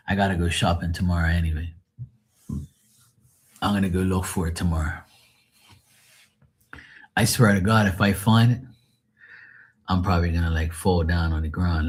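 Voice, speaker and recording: A man hosting a live stream, chatting casually with viewers in a rambling, profane way and laughing often. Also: low-pitched.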